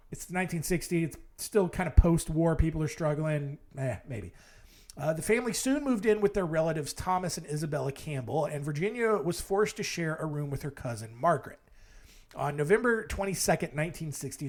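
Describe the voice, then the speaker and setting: A man hosts a casual storytelling podcast, reading out ghost tales and breaking off into wry asides. His voice is fairly high and swings widely in pitch. He pads his sentences with fillers as he goes. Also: darkish tone. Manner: wry, digressive, with frequent fillers. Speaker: podcast host.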